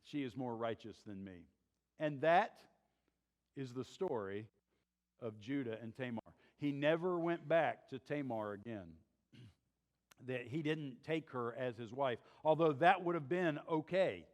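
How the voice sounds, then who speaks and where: A man's voice: medium pitch, animated, measured pace, big-room sound. A man teaching a church Bible survey class, retelling a story in a conversational, folksy way with chuckling asides.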